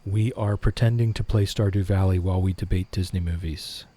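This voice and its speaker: A middle-aged man hosting a relaxed live stream, reading viewer comments aloud and answering them. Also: low-pitched, fairly quick.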